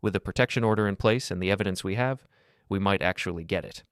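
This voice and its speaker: A man voicing a calm, capable male lawyer in a story, brisk and reassuring. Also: sits low, clear, resonant tone, dry recording, clean studio sound, natural voice. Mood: businesslike.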